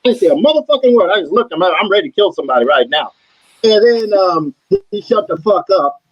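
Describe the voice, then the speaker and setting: Fast-talking, profane male storyteller. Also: high-pitched, sing-song. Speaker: comic book illustrator, interview guest. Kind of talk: casual interview storytelling. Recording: dull lo-fi dry audio.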